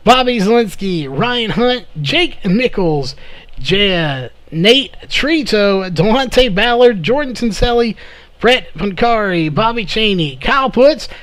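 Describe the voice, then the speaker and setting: A man calling a live race play-by-play, slightly hoarse from losing his voice, with frequent "uh" fillers. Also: high-pitched, a bit bright. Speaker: race commentator.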